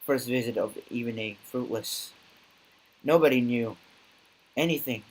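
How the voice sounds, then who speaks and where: A man's voice: medium pitch, breathy edge, lightly acted, low-quality recording. Man reading as Rorschach, grim and clipped. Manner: flat, clipped, halting reading with stumbles. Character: grim, terse male vigilante writing his journal. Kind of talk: amateur dramatic reading.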